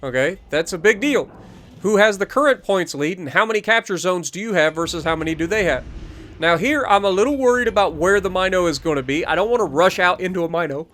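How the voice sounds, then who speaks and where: A man's voice: high-pitched, expressive, fast, a bit bright. Man coaching through a naval game match. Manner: explanatory, coaching, repeats key points. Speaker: gaming channel host. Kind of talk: gameplay commentary over recorded match.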